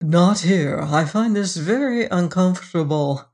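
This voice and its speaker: A fussy, pettish devil with a sly, mocking edge, as a narrator reads him in a storybook. The lines come slow and deliberate, a touch raised above the plain narration. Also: mid-range voice, expressive, darkish tone, lightly acted. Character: petulant scheming devil with talons. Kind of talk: audiobook reading.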